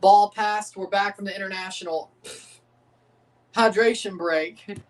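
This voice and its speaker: A young man hosting a live football watchalong, calling goals with excitement and dropping into low mumbled asides between plays. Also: unhurried. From United States. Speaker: livestream watchalong host. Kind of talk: live football reaction commentary.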